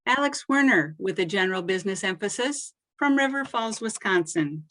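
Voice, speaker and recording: A woman presenting graduates at a ceremony, reading each name in a measured way that lifts on the name and drops at the end. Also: medium pitch, expressive, fairly bright tone.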